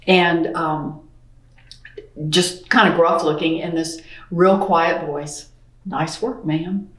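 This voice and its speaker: Middle-aged woman, lowish voice, earnest storyteller with many asides, roomy echo. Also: steady tone, slow pace, fairly bright tone. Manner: earnest, many "I mean" asides, acts out quoted speech. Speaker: interview guest, painter. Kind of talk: personal storytelling in an interview.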